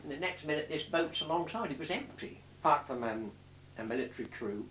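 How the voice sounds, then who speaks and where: A man's voice: a little high, lively intonation, fairly quick, fairly bright tone, slight background noise. Old veteran man, rambling and swearing. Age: older. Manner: rambling, swears freely, self-correcting. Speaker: war veteran recounting memories. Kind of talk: oral history storytelling. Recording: roomy sound from a distant mic.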